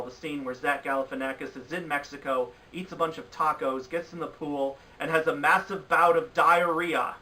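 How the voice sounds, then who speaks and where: A man's voice: medium pitch, bright, forceful tone, far from the mic, slight background noise, poor audio. A man giving an opinionated countdown of bad films, sounding exasperated and ranting in his critique. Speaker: film reviewer. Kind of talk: opinionated film review countdown.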